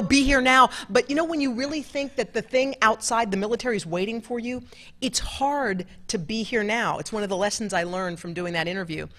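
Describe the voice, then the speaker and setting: A middle-aged woman, a television co-anchor, telling stories to an event audience in a lively, laughing, chatty way. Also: mid-range voice. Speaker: television co-anchor giving a talk. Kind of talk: storytelling talk with audience Q&A. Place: large club event room.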